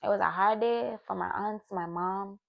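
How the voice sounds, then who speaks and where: A young woman speaks candidly to camera in a personal vlog, looking back over her year. Her voice has a gravelly, fry-edged texture, and her pitch sits in a middle range. She pauses and restarts as she reflects. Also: dull audio. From Jamaican family. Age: young adult. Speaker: vlogger.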